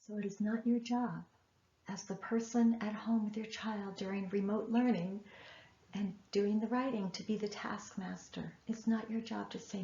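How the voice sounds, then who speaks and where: A woman's voice: a little high, steady tone, normal speed, creaky, dark tone. A woman, a writing educator, giving a masterclass lecture with earnest, emphatic advice to parents. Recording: echoey room, dull lo-fi sound.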